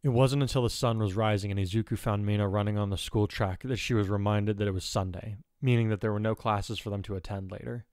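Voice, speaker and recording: A man reading fan fiction aloud in a steady, measured narration. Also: fairly low pitch, no echo, studio quality. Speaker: audiobook narrator.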